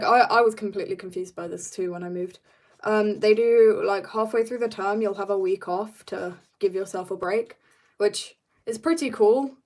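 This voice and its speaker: A teenage girl from South Africa, a little husky from being ill, rambling playfully as she greets viewers and chats while drawing on a live stream. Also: a little high, a little mellow. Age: teens. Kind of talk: casual live-stream chat.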